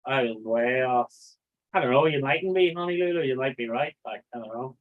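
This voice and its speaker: A man's voice: mid-range voice, fairly quick. Rambling man on a tinny stream. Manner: rambling, swears a lot, reads chat aloud. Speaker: livestream host. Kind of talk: casual livestream chat. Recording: tinny phone-like audio.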